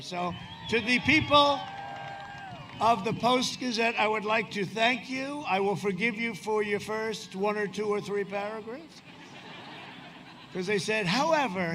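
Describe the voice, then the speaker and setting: A man's voice: high voice, bright, forceful tone. A man in his seventies giving a boastful, rambling campaign speech with sarcastic asides at a windy outdoor rally. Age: 70s. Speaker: politician addressing a rally.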